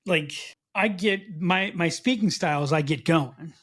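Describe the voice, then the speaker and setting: A man co-hosting a casual podcast, with a slight Mid-Atlantic American accent, talking in an animated way with frequent restarts. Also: fairly high pitch, a little slow, husky. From United States. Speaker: podcast co-host. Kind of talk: casual chat.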